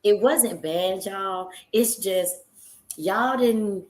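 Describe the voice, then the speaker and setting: A woman with a mid-range voice hosts a live stream, telling her viewers a story at a very slow pace. She's casual and animated, laughs often, and calls her audience y'all, all in a roomy-sounding space.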